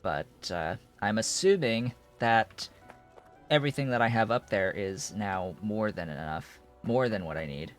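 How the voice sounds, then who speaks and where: Over faint music, a man with a fairly low, lively voice provides casual commentary while live-streaming a game. He speaks a little slowly, thinking aloud in a rambling way and restarting many times.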